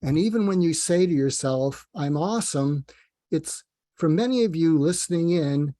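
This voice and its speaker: A man's voice: a little high, animated, normal speed, mellow, no echo. A man speaking as a psychiatrist guest on an interview, rambling and self-deprecating, telling stories with asides. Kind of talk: casual interview talk.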